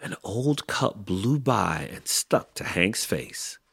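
A man hosting a podcast, reading a children's book aloud in a slow, expressive storytelling manner. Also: on the low side, creaky, husky, no echo, studio quality. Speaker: podcast host.

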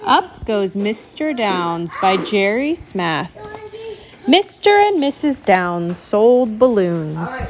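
Woman reading a kids picture book out loud, slow, does the sound effects, voice goes up and down a lot. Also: medium pitch, noisy background. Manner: expressive, sound effects, explains to a child. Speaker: storybook reader.

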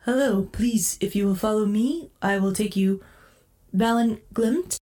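Woman voicing polite little droid, formal, stiff, slow, mellow. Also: mid-range voice, close to an everyday voice. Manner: polite, stiff, says beep beep.

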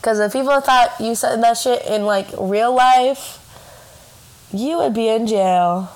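A woman's voice: a little high, takes it slowly. Blunt, laughing young woman co-host. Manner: blunt, swearing, laughing a lot. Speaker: podcast co-host. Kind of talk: casual chat.

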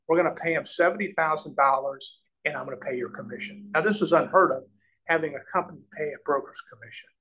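Animated storytelling businessman, higher voice. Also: fast, breathy edge, rough recording. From Nebraska, USA. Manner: animated storyteller, acts out quoted voices, frequent restarts. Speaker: real estate developer, guest. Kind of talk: conversational storytelling interview.

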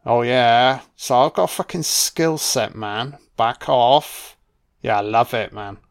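A man's voice: mid-range voice, takes it slowly, creaky. A man giving a casual, jokey, sweary film commentary. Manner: laid-back, sweary, jokey.

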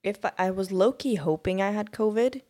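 A woman's voice: medium pitch, fairly quick, mellow. A young woman co-hosting a podcast, chatting casually while sick, filling her talk with "like". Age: young adult. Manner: chatty, uses many fillers and "like". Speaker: podcast co-host. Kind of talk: casual chat.

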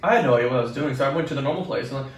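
A young man co-hosting a podcast talks very fast in a mid-range voice, rambling through school stories full of swearing and acted-out quotes. He's far from the mic in an echoey room, with faint background noise.

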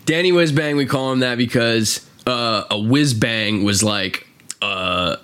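A man hosting a casual podcast chat, swearing often and acting out quotes in a high voice. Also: unhurried, a bit bright, clear, resonant tone. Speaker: podcast host.

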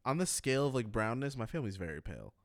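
A man's voice: medium pitch, sing-song, rapid-fire, no echo, clean studio sound. A young man from the Middle East in casual chat, laid-back and full of filler words.

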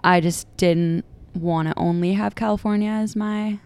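A woman's voice: on the low side, fairly even intonation, a little mellow, clean tone. A young woman from San Francisco co-hosting a podcast, chatting casually and reacting supportively. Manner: supportive, reactive listener with quick laughs. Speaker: podcast co-host. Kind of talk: casual chat.

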